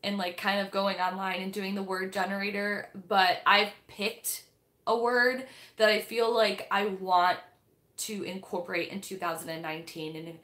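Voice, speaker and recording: A woman's voice: medium pitch, little pitch movement, moderate pace, fairly bright tone. Chatty young woman in an echoey room. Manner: chatty, rambling, full of "like" and "um". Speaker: livestream host of a book club. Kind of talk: casual live-stream chat.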